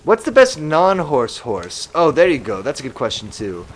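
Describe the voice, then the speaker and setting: A man's voice: a little high, huge pitch swings, moderate pace. A man casually musing aloud while streaming a game live and reading chat comments.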